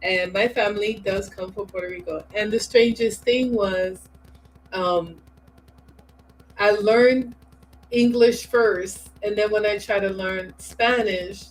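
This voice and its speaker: A soft-spoken woman from New York with a Bronx accent, a guest chatting casually on a livestream. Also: medium pitch, fairly even intonation, rough recording. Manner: slow, soft-spoken, laughs easily. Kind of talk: casual chat.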